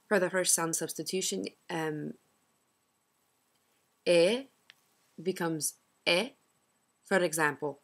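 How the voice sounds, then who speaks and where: A young woman reading a class presentation, slowly sounding out example words one at a time. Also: lowish voice, a bit bright, slightly rough, low-quality recording. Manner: reads slowly, pausing to demonstrate word examples one by one. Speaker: student presenter.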